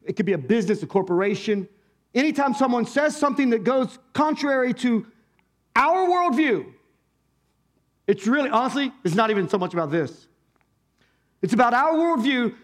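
Male pastor, fairly high voice, animated conversational sermon, keeps questioning the congregation. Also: moderate pace, pauses often. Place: church, speaking to a congregation.

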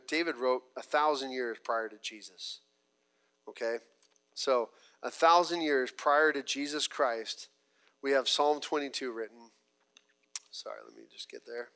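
A man preaching a sermon earnestly, often restarting and apologizing when he loses his place, rising loud, then dropping very soft. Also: fairly high pitch, clean tone. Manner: voice rises loud when mocking, drops very soft when reflecting. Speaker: pastor.

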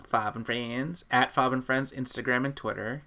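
A young woman co-hosts a podcast and wraps up the show in loose, casual talk. Her voice sits at an unusually deep pitch. She laughs easily and lets her sentences trail off with "um.". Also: fairly even intonation, moderate pace, pushed and bright. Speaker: podcast co-host. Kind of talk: casual chat.

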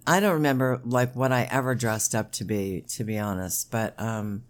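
A woman's voice: very deep voice, normal speed. Middle-aged mom from pennsylvania, laughs a lot, drops curse words, swaps stories with her son. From Pennsylvania, USA. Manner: lively storyteller who laughs and swears freely. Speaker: mother of the host, guest. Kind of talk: casual family chat podcast.

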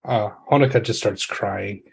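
A man's voice: fairly low pitch, a little slow, creaky, breathy edge. A man at a tabletop game describing his character with many fillers. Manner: rambling, filler-laden descriptions.

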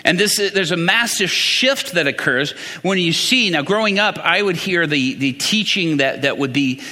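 A man's voice: on the high side, lively intonation, moderate pace, pushed and bright, in a large hall. A man preaching a conversational sermon, quizzing the congregation as he works through Bible passages.

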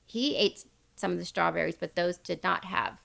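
Woman host, chatty storyteller, gravelly voice, laughs a lot. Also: lowish voice, moderate pace, a bit bright. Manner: chatty, laughs often, quotes people as she tells. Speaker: podcast host retelling a true crime story. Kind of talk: casual storytelling chat.

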